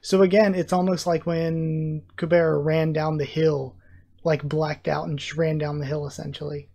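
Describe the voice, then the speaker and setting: A host reads a webcomic aloud during a live reaction and drops in loose, casual comments between passages. The voice sits in an ordinary middle register, and the delivery is relaxed with the odd filler. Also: mid-range voice, moderate pace, vocal fry.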